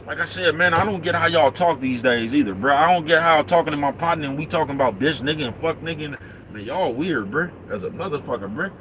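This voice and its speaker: Streetwise trucker over road noise. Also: male voice, fairly high pitch, fast, a bit bright. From East Oakland, California. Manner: streetwise, profane, keeps asking "you know what I'm talking about". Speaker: truck driver vlogger. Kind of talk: casual vlog monologue answering comments. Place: inside a big truck cab on the road. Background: traffic and vehicle noise.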